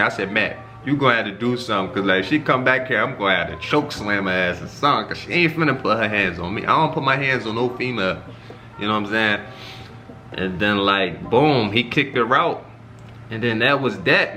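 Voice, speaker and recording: A young man vlogging a casual storytime, animated and full of slang and swearing, his pitch leaping up whenever he acts out his own reactions. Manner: animated, profane slang-heavy storytelling with sharp jumps in pitch on quoted reactions.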